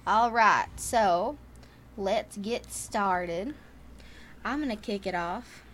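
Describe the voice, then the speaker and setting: A woman's voice: mid-range voice, very slow, a bit bright, slight background noise. A woman co-hosting a podcast in casual chat, playful and rambling, often giggling. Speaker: co-host.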